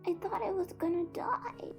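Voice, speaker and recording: A man voicing a small, sick boy turtle prince who sounds weak, croaky and muffled, with a plaintive manner. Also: very high voice, normal speed, faint music behind, voice pushed up. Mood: tearful.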